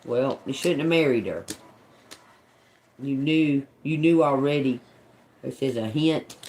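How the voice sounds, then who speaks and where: A woman's voice: very deep voice, measured pace, a little mellow, slight background noise. A woman streaming live as a psychic reader, muttering single words over and over, puzzled and swearing at what she hears. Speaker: tarot and oracle live streamer.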